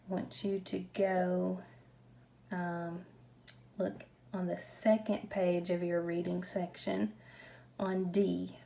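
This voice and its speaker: Slow, patient woman teaching grammar. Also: mid-range voice, vocal fry, dark tone. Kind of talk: grammar lesson.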